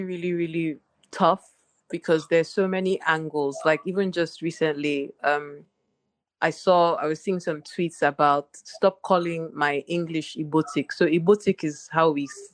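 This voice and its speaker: Lively woman, low and close. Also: no room sound. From Nigeria. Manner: animated storyteller with many restarts and fillers. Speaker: podcast co-host. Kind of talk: casual conversation.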